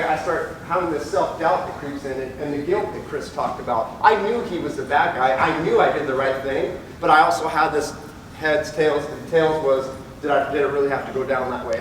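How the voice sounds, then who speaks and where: Recorded from a distance in an echoey hall with faint ambience and slight background noise, a man with a slightly high voice shares his personal testimony as a police officer, speaking candidly and impersonating those he quotes.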